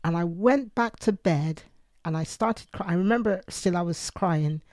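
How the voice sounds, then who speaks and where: A woman's voice: lowish voice, moderate pace, a little mellow, no room sound, studio quality. A woman co-hosting a Christian podcast, earnestly telling personal stories and quoting her own prayers. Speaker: podcast co-host.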